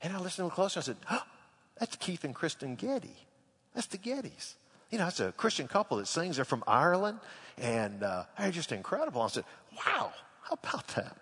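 A husky-voiced male pastor preaches and tells stories with a very lively, high-reaching delivery. His voice rings with the long reverb of a large hall. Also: brisk. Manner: animated storyteller, laughs through the tale. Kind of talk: sermon with a funny personal story.

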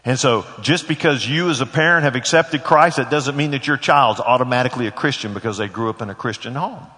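A man's voice: mid-range voice, fairly quick, sharp tone. A middle-aged man preaching a sermon as pastor, folksy and conversational with joking asides. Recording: long hall reverb.

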